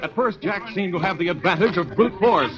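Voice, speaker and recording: A man narrates an old radio drama in a measured, even way. His voice sits a little high. The recording is dull and lo-fi. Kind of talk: scripted narration, 1940s radio.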